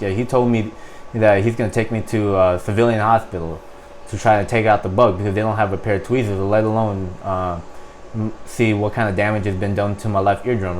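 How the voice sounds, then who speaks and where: A man's voice: fairly low pitch, a little hiss or hum. Young man telling a story animatedly. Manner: animated, profane, many fillers. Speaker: podcast guest, Marine. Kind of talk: casual storytelling.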